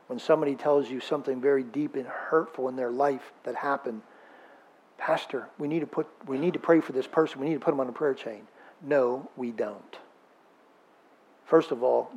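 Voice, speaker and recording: Husky-voiced male pastor preaching. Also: a little high, darkish tone. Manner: conversational preaching with rhetorical questions and asides to the congregation. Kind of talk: sermon.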